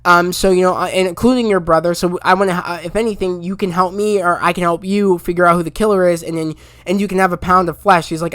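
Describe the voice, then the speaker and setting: Man, casual spoiler recap, rambling, filler-heavy, excitable bursts, dry close-mic sound. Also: high-pitched, quick pace, hardly any pauses, dry recording. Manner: rambling, heavy on fillers, gets loud and excited retelling scenes. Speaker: show recap reviewer.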